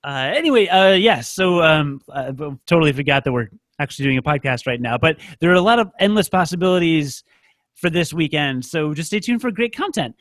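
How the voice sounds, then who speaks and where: A man's voice: on the high side, animated, a little fast, a bit bright, dry recording, studio quality. A man co-hosting a podcast in casual chat, rambling and joking at his own expense. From United States. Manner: rambling, self-mocking, joking. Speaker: podcast co-host.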